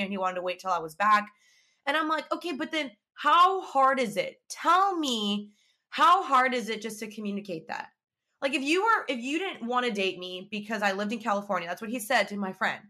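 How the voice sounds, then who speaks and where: A young woman chatting casually to the camera, telling a dating story in an animated, chatty way and acting out quotes. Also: medium pitch. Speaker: vlogger.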